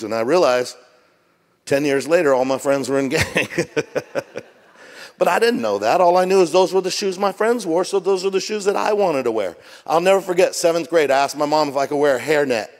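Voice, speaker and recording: A man's voice: a little high, fairly quick. A middle-aged man preaching a sermon as pastor, joking and conversational, jet lagged. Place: church auditorium. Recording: long reverb of a church hall.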